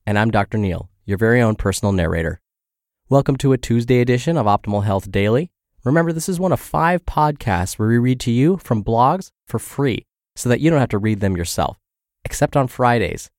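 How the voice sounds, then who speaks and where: A man's voice: medium pitch, animated, brisk, a little mellow, no echo. A man narrating a health podcast, reading a fitness blog post aloud with dry humor.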